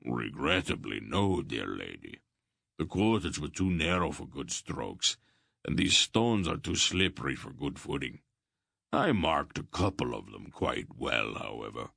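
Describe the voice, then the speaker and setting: A man doing a deep, rumbling warrior. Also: sing-song, unhurried, vocal fry, fairly bright tone, husky, no echo, clean studio sound, full character voice. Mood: hearty. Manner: hearty, booming, relishes a fight.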